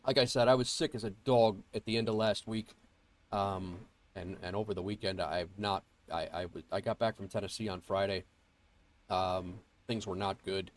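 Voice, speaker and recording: A man's voice: on the low side, fairly even intonation, normal speed. A man streaming a flight sim, chatting casually and greeting viewers, nasal and congested from a cold and rambling with fillers and restarts. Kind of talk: casual livestream chat. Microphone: earbuds mic.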